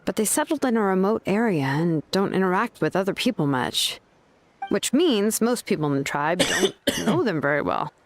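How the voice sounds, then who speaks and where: An actress voicing a friendly tribeswoman in a game who calmly explains things to the player. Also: mid-range voice, normal speed, close to an everyday voice. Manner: easygoing and explanatory. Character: friendly helpful tribe woman.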